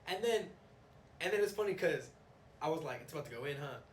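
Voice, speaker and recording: A young man co-hosting a casual podcast, telling a story with excitement and calling his friend bro. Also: fairly high pitch, fast talker. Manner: excitable, animated storytelling, says bro often. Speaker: podcast co-host. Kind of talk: casual chat. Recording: roomy, distant, faint noise.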